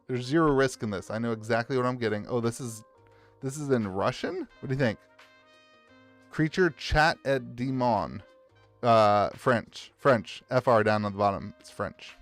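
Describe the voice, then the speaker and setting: Appalachian male shop owner, casual rambling live-stream chatter, mid pitch, faint music behind. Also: a little slow, pauses often. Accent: Appalachian American. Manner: rambling, upbeat, greets chat viewers by name. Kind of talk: casual live-stream chat while sorting cards.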